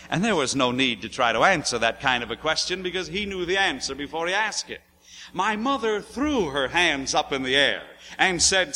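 A man preaching a sermon, moving between hushed, low passages and loud, emphatic ones as he tells a story from his youth. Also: expressive, moderate pace, a little hiss or hum. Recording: echoey hall with long reverb.

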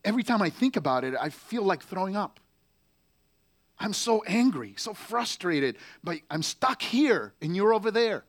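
A man's voice: sits high, very animated, normal speed, voice pushed up. A man reading as a Marine writing home. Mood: bitter, furious. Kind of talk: letter read aloud in character.

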